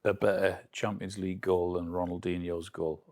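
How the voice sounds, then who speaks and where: A man's voice: deep voice, level tone, normal speed, a little mellow. Dry, wry man. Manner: dry, defends himself with wry retorts. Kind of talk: casual football chat.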